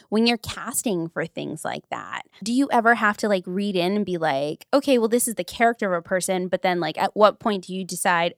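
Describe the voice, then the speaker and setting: A woman hosting a casual interview, talking in a chatty, animated and jokey way. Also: lowish voice, dry recording, studio quality. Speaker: podcast host.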